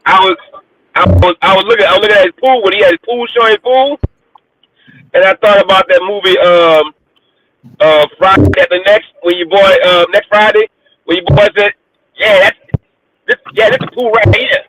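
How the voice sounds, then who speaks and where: A man's voice: high-pitched, moderate pace, fairly bright tone, distant mic, a little hiss or hum, poor audio. A man co-hosting a morning show who keeps cutting in with questions and jokes. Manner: insistent, cutting in again and again. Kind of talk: comedic morning-show banter.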